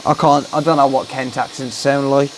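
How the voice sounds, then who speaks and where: A man's voice: mid-range voice, moderate pace, a little hiss or hum. Joking man chatting on a repair stream. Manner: relaxed, joking, chats with viewers. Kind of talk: casual livestream chat while working.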